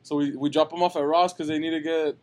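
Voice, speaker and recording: A young man with a high voice tells a rambling, slang-filled story on a casual podcast. He talks loosely and ends nearly every phrase with "fool.". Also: flat delivery, quick pace, a little mellow. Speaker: podcast co-host telling a story.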